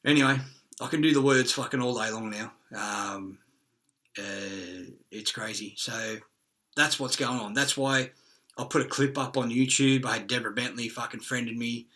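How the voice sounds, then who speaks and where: A man's voice: medium pitch, normal speed, sharp tone. A man with an Australian accent ranting in an agitated, profane, rambling monologue.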